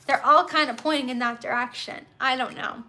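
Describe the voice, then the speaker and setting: A woman's voice: sits high, steady tone, brisk, sharp tone. A woman hosting a live stream from home, chatting casually and rambling, with lots of fillers and restarts. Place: at home with pet kittens.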